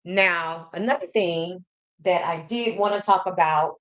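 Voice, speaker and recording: A woman's voice: fairly low pitch, measured pace, fairly bright tone. A woman commentator giving casual, opinionated gossip commentary to her viewers.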